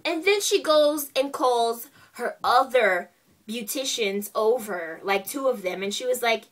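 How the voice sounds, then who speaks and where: A young woman vlogger telling a story in a casual, animated and exasperated way, full of "like"s and acted-out quotes. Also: fairly high pitch, a little slow, far from the mic.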